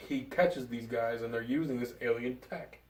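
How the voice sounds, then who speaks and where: A man co-hosting a casual movie review, talking excitedly and rambling with fillers. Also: medium pitch, normal speed, distant mic. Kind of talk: casual chat. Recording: roomy, from off the mic.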